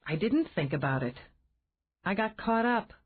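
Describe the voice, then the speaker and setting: A woman voicing an outspoken, flustered young woman who talks in quick, exclamatory bursts. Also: medium pitch, husky. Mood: animated. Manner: exclamatory, animated. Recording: tinny phone-like band.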